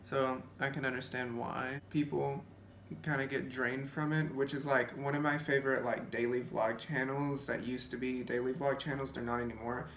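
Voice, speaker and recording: In a mid-range, slightly bright voice with flat delivery and normal speed, a young man talks chattily to the camera as he does his makeup, leaning on "like" constantly. The beauty vlogger is seated before the camera, recorded through its mic with slight background noise. Faint music plays in the echoey room.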